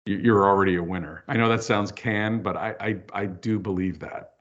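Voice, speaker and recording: A man's voice: fairly low pitch, moderate pace. Candid storytelling man, lo-fi sound. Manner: candid, storytelling, lively asides. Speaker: filmmaker and author guest. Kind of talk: casual interview chat. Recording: dull lo-fi audio.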